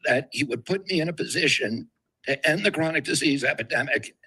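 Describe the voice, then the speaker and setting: A man's voice: fairly high pitch, expressive, brisk, sharp tone, slightly rough, poor audio. A man giving a formal, earnest prepared statement as a nominee at a hearing.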